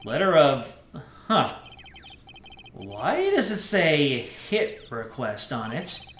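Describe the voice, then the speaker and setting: A man voicing a bumbling male police officer who talks in a gruff, fussy way, in an echoey room. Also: fairly high pitch, big pitch swings, slow, a bit bright, slight background noise, exaggerated voice.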